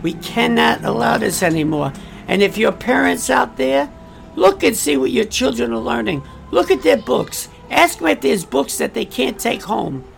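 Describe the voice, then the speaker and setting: A man's voice: very high-pitched, sing-song, normal speed, creaky, soft background music. A man giving a political commentary monologue, emphatic and repetitive, with rhetorical questions and asides to his listeners.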